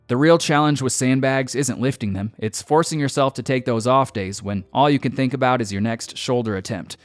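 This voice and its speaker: A man's voice: mid-range voice, fairly quick, hardly any pauses, no echo. A man, a strength coach, giving a confident, emphatic scripted voice-over with direct advice.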